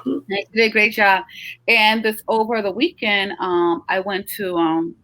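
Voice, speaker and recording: A woman's voice: mid-range voice, no room sound. Chatty tired woman hosting a stream. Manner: chatty, animated, encouraging, drawn-out emphatic words. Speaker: host, travel agency owner. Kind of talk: casual chat on a live stream.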